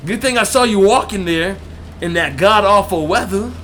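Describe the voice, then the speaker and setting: A man doing a folksy raspy old driver. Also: high voice, normal speed, a bit bright, slight background noise. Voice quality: raspy southern put-on. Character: older male driver, friendly but suspect.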